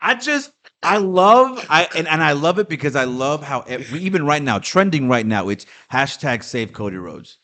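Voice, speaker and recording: A man's voice: on the high side, big pitch swings, moderate pace, few pauses, fairly bright tone. A man co-hosting a casual wrestling chat, ranting brashly and swearing a lot. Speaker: podcast co-host.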